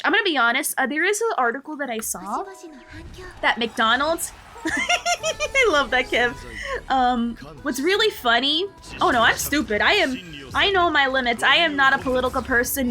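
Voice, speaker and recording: A woman's voice: a little high, pushed and bright. A woman VTuber streamer in casual live-stream chat, ranting in a slangy way and reading her chat aloud. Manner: slangy, says "bruh" often.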